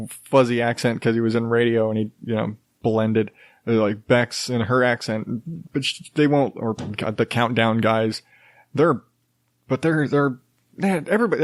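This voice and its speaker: A man's voice: medium pitch, no echo. Guy rambling on his solo podcast, lots of uh and restarts, dead dry sound. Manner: rambling, with many fillers and restarts. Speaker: podcast host.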